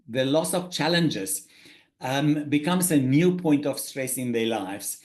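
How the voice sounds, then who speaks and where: A man with a slightly high voice delivers a spoken workshop lecture to participants. He's earnest and emphatic, often restarting and repeating words as he works through his points.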